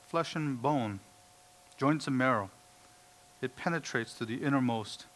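A man's voice: a little high, a bit bright. A man preaching a sermon, emphatic, quoting scripture and acting out the voices of doubters. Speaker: pastor.

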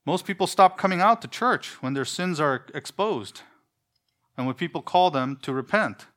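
A man's voice: a little high, animated, normal speed, sharp tone. A man preaching a sermon in an earnest, emphatic way, full of rhetorical questions.

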